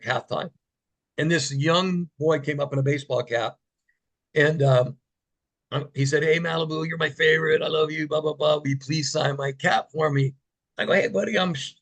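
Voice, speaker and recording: A man, an interview guest, telling stories in a casual, enthusiastic way and dropping soft for quoted moments. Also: mid-range voice, gravelly, breathy edge, low-quality recording. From United States. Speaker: interview guest, former TV gladiator. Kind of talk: casual storytelling.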